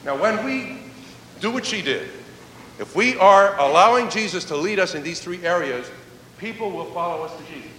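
A male pastor delivering a sermon with animated preaching, slowing down to stress key words. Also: distant mic. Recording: echoey hall, faint rumble.

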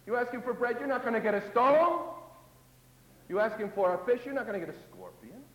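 Man preaching a lively, dramatic sermon. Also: extremely high pitch, a little fast, reverberant, big-room sound, rough recording. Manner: dramatic swings between loud emphasis and hushed asides; acts out the voices of doubters and psalm prayers.

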